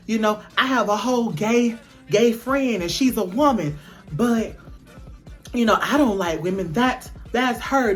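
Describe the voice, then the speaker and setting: A young woman telling a personal story in a casual, candid vlog, blunt and profane with frequent "um"s. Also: a little high. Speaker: vlogger.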